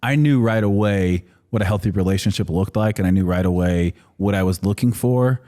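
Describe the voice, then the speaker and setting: A man in his thirties telling a story in relaxed, rambling casual chat as a podcast guest, often laughing and saying "like". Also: lowish voice, brisk. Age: 30s.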